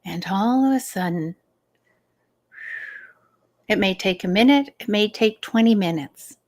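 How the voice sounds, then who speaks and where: A middle-aged woman speaking as a stress management coach in a live advice talk, gentle and unhurried with easy laughs. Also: mid-range voice.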